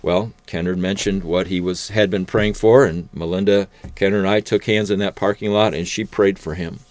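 A man telling a personal faith testimony in an unhurried, conversational way, with the odd "uh". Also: deep voice, fairly even intonation, darkish tone, no echo. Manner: unhurried, conversational storytelling with fillers.

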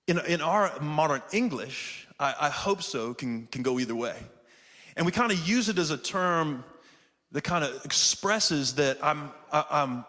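With lively intonation and a moderate pace, this pastor's slightly high, somewhat bright voice fills a big room. He keeps his sermon conversational, prompting replies from his congregation in the sanctuary and from viewers following the online stream.

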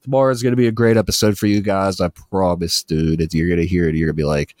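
A man's voice: low-pitched, fairly even intonation, fast, few pauses, a little mellow, dry recording, clean studio sound. A man co-hosting a podcast in casual banter, laid-back, swearing often and saying dude constantly. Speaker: podcast co-host.

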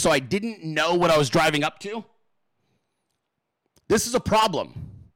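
Animated, foul-mouthed male storyteller. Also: high-pitched, no echo, low-quality recording. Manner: animated, crude, keeps asking "okay?". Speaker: podcast host. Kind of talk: profane storytelling monologue.

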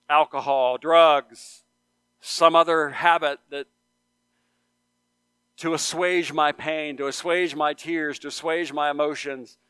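Earnest pastor preaching, smooth voice. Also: male voice, on the high side, no room sound. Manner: earnest, repeats phrases for emphasis, rises to loud appeals. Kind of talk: sermon. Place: church sanctuary.

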